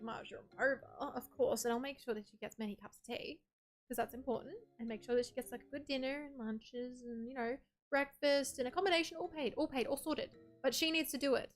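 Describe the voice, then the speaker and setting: A young woman streamer giving casual, rambling commentary while playing a story game, chatty and full of "like". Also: high voice. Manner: chatty, rambling, with frequent "like" and laughs. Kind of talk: casual let's-play commentary.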